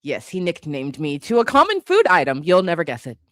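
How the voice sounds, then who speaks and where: A woman's voice: lowish voice, huge pitch swings, brisk, no room sound, clean studio sound. A young woman hosting a casual livestream, reading chat guesses aloud, laughing often and teasing with casual swearing.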